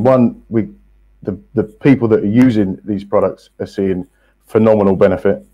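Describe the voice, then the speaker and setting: A man, a podcast guest, telling his story in a casual, halting way with many restarts and fillers. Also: lowish voice, little pitch movement, dark tone, low-quality recording. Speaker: guest, company co-founder.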